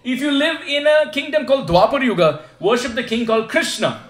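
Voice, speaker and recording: A man's voice: extremely high pitch, expressive, fairly quick, fairly bright tone. A man giving a devotional sermon at a home gathering, asking the audience questions and leading them in repeating chants. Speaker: visiting spiritual teacher. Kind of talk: devotional sermon with call-and-response. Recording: echoey room sound.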